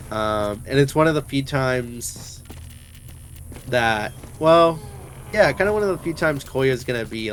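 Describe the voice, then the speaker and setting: Rambling young man, faint background hiss. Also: mid-range voice. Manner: rambling, hesitant, full of fillers and self-corrections. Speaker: book discussion host. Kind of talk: casual book discussion while playing a game.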